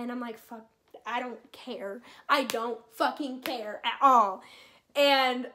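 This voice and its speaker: A young woman telling a rambling, excitable concert story to camera, swearing freely. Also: high voice. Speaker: vlogger. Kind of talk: casual storytelling.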